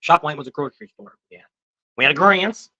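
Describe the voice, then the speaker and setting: Older male co-host in his 60s, rapid bright delivery, lively storyteller, dull lo-fi livestream audio. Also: fairly high pitch. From California. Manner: lively storyteller, acts out other people's lines. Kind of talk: casual livestream chat.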